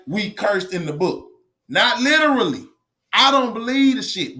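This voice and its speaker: A man's voice: high voice, sharp tone. A man giving a blunt, profane opinion monologue, lecturing his audience and hammering his points home by repeating them. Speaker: commentary channel host.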